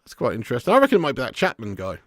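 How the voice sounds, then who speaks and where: A man's voice: mid-range voice, huge pitch swings, very fast, dry recording, clean studio sound. A man hosting a live football watch-along stream, joking with chat in slangy banter and laughing often.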